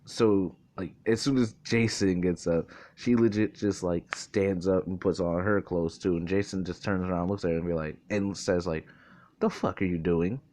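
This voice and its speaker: A young man with a somewhat low voice, casually telling a made-up fan story. He rambles, drops curse words freely and keeps stopping to correct himself. The delivery is loose and unscripted. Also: steady tone, moderate pace, few pauses, warm tone. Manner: rambling, profane, self-correcting.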